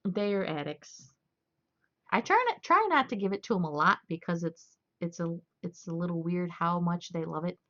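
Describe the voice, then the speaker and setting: Low-voiced young woman, chatty streamer. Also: animated, normal speed, a bit bright. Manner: chatty, laughing, loose storytelling. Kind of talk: casual chat. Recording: dull lo-fi stream audio.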